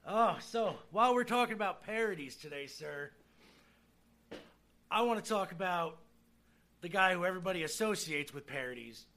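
High, bright-voiced man co-hosting a podcast. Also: normal speed, pauses often. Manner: laughs often, chatty and excitable. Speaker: podcast co-host. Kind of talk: casual chat.

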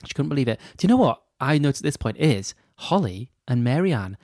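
A man with a mid-pitched voice talks in an easygoing, conversational way as a podcast co-host. His voice is recorded dry and close, with no room echo. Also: quick pace. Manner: relaxed, conversational, recapping. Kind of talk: casual chat.

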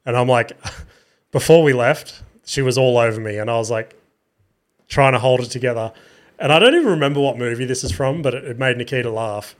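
A man's voice: medium pitch, a little fast. A young man hosting a casual solo podcast, telling a story in a subdued, tired way, with casual swearing and trailing restarts. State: sleepy and low-spirited. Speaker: podcast host.

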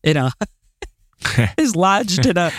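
Man, podcast co-host, fairly high voice, dry close sound, casual and excitable. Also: slow pace, no echo. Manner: enthusiastic, exasperated rants with fillers and laughs. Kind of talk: casual chat.

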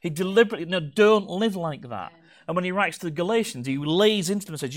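A man's voice: high voice, expressive, fast talker. A man preaching a sermon to his congregation, playful and teasing. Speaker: pastor. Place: church hall.

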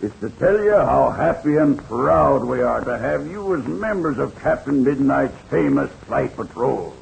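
Gravelly man reading a formal letter. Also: mid-range voice, expressive, darkish tone, slight background noise, poor audio. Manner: solemn, formal, measured delivery. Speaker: reader of a sponsor's letter. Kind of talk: formal 1930s radio address.

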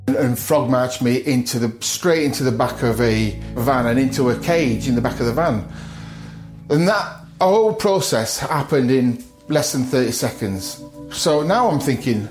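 A man's voice: medium pitch, lively intonation, moderate pace, faint music behind. Guy, middle-aged, telling his story on a podcast, does everyone's lines, lots of chuckles, echoey room. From north of England. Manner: vivid retelling, acts out other people's lines and chuckles often. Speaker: guest. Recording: roomy echo.

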